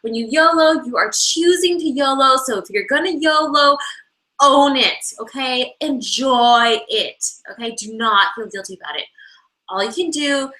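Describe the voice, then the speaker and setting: A woman's voice: sits high, measured pace, sharp tone, rough recording. Bubbly, gushing woman on a video call. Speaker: fitness instructor answering fan questions. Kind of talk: live online Q&A.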